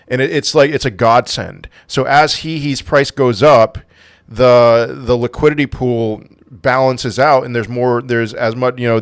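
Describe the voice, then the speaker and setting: A man's voice: mid-range voice, smooth, no room sound. A man hosting a casual crypto livestream, reading out viewer questions and answering with offhand, dry sarcasm.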